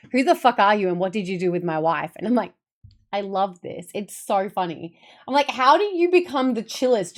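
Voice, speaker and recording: A woman streamer with a mid-range voice chats casually with her viewers, telling rambling stories full of fillers and casual swearing.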